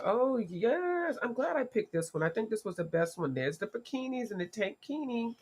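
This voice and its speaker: Congested from allergies, this livestream host has a husky voice on the low side that has gone deep. She keeps things casual, talking to viewers by name.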